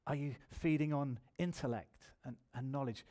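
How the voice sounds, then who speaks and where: A man's voice: medium pitch, moderate pace, mellow. A man preaching a sermon in church, telling his own testimony and building to emphatic appeals.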